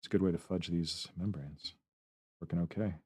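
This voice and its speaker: A man's voice: low voice, a little fast, a little mellow, husky, dry recording, studio quality. A man streaming his hobby sculpting, talking to himself in short, casual remarks as he works. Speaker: miniature terrain sculptor streaming his work. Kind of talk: casual running commentary while working.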